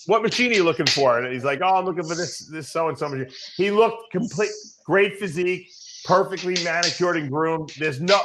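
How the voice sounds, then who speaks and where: A man's voice: a little high, a little fast, fairly bright tone, slight background noise. A man hosting a casual panel chat, blunt and conversational. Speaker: host.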